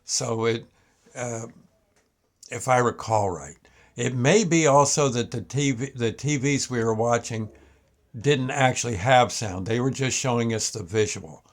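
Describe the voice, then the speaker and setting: An older man reminisces in an easygoing, unscripted way, circling back on himself as he talks. His voice sits at an ordinary male pitch and his delivery is halting and meandering. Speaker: show host. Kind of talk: casual reminiscence.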